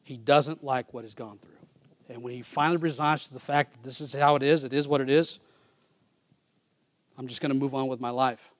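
A male pastor preaching a sermon and reading scripture aloud. He swings from loud, high-pitched emphasis down to quiet, low asides. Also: steady tone, brisk, pauses often, no echo. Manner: reads scripture in King James wording.

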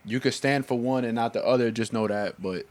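A man's voice: medium pitch, a little fast. A man co-hosting a casual podcast, speaking bluntly and profanely in an offhand way. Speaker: podcast co-host. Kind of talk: casual chat.

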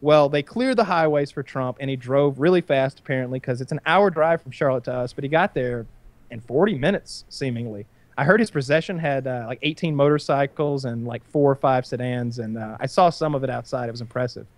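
A man's voice: medium pitch, brisk, dry recording. A man telling a long story in casual chat, rambling and profane with frequent restarts.

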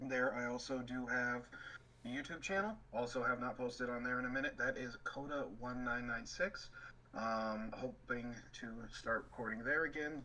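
A young man speaks as a guest on a casual podcast, in a bright, fairly tense voice. He talks reflectively and often breaks off to restart his sentences. Faint noise runs under the recording. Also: mid-range voice, poor audio.

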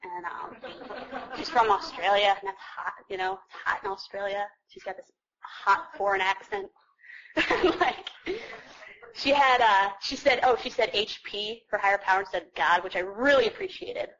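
A woman's voice: medium pitch, lively intonation, normal speed, a bit bright, highs cut off. A young woman sharing her personal story with a group in a chatty, self-mocking way, full of fillers. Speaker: speaker sharing her story at a recovery meeting.

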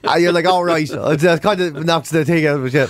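Irish male co-host with a high voice, jokey banter, dry studio sound. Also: fairly quick, no echo. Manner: jokey, animated storytelling. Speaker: radio co-host. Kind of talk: casual morning radio chat.

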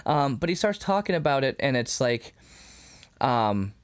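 A man's voice: mid-range voice, a little slow, clear, resonant tone. A man co-hosting a podcast in casual chat, retelling scenes with lots of laughter and stop-start phrasing. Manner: animated retelling, laughs often; many fillers and restarts. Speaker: podcast co-host.

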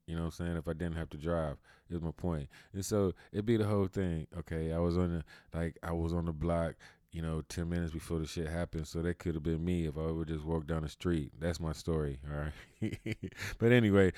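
A man's voice: sits low, dark tone, clean tone, dry recording, studio quality. A man with hosting a podcast, telling stories in a casual comedic ramble full of fillers and laughter. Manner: rambling, laughing, filler-heavy street talk. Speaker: podcast host.

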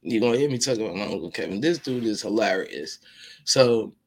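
A man hosting a podcast, telling funny stories in a casual, animated, slangy way and repeating phrases for effect. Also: fairly low pitch, brisk, breathy edge. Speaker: podcast host. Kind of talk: casual comedic storytelling.

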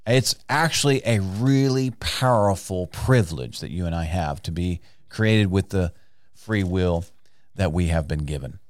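Speaking in a low, unhurried voice, a man teaches scripture on a podcast in sermon fashion, with emphatic delivery, rhetorical questions, and drawn-out key words. The studio recording is dry.

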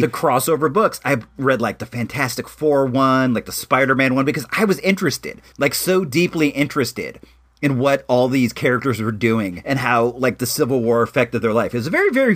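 A man's voice: mid-range voice, fairly bright tone. Rambling man chatting casually. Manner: rambling, with frequent fillers and restarts; self-deprecating and joking. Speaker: podcast host. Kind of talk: casual solo chat. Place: home bathtub.

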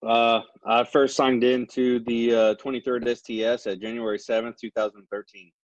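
A man's voice: mid-range voice, little pitch movement, moderate pace, no echo, muffled recording. A young man, telling his story as an interview guest and acting out the dialogue. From Missouri Ozarks. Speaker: guest, special operations graduate.

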